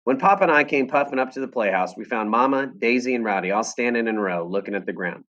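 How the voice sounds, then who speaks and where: A man's voice: medium pitch, fast talker. A man reading a novel aloud to his class, telling the story expressively and with feeling. He sits in a classroom, and the recording sounds a little dull and muffled. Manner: expressive storytelling with lively voices.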